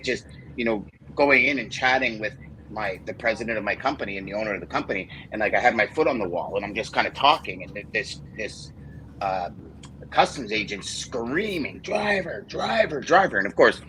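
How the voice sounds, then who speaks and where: A man hosting a podcast, telling a story casually and getting animated and swearing when worked up. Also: fairly low pitch, fairly quick, a little hiss or hum, rough recording. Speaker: podcast host.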